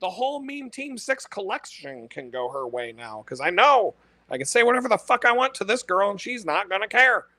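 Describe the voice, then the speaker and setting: A man rattles off a brash, foul-mouthed story and laughs at his own punchlines. His voice sits high and bright. The mic is close and dry, with no room sound at all. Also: sing-song, brisk, dry recording. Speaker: podcast host. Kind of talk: casual profane storytelling monologue.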